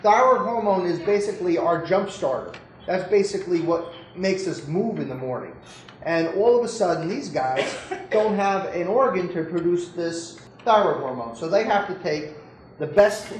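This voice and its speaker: High-voiced man lecturing in an echoey room. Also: animated, moderate pace. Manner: conversational, jokey, keeps asking the audience questions. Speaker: doctor giving a lecture. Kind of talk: informal medical lecture to an audience. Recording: roomy echo with faint background noise.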